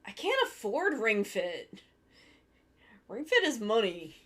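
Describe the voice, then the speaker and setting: Woman, tired streamer, drowsy, slow unhurried chat, typing behind. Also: mid-range voice, very animated, a bit bright, husky. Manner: drowsy, rambling, talks to chat. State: tired, yawning. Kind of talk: casual live-stream chat while drawing.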